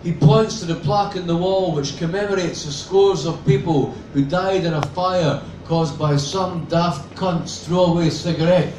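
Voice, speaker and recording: A man reads his own novel aloud with a dry, sardonic edge. His voice sits a little high for a man. The sound is roomy and picked up from a distance, with faint ambience behind. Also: unhurried, hardly any pauses, darkish tone, a little hiss or hum. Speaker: author reading.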